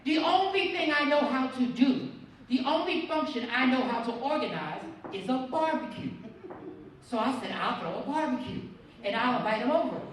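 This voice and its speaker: A man telling a comic story at a party, animated and laughing through his punchlines. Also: very high-pitched. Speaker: comedian. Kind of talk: stand-up storytelling. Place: party venue with audience. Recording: echoey room from far off, crowd noise.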